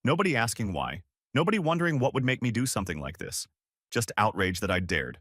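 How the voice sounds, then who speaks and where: Young guy narrating a story, low voice, flat but measured, swings in pitch, dry close sound. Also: no room sound.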